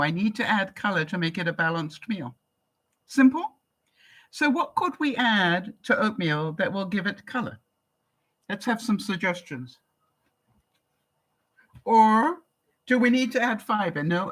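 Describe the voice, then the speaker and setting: An older woman from Canada chatting casually on a live stream, answering viewer comments in a chatty, relaxed way. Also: medium pitch, poor audio. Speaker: vlogger.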